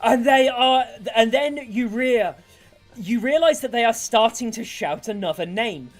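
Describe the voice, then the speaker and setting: Slow, vivid game master narration. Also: mid-range voice, expressive, faint music behind. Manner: vivid, gory scene narration.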